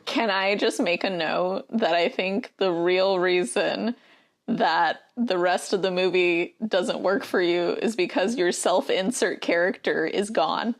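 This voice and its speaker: A woman co-hosting a podcast in casual chat, chiming in with teasing remarks. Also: fairly low pitch. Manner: teasing, quick interjections. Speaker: podcast co-host.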